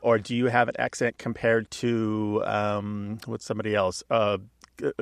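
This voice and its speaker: Chatty radio host explaining language. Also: male voice, on the low side, moderate pace, creaky, no echo, studio quality. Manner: relaxed, chatty explainer with asides. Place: radio studio.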